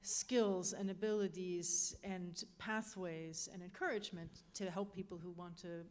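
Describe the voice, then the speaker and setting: A woman's voice: fairly low pitch, steady tone, unhurried. A woman on a discussion panel, chatty and informal, with light asides.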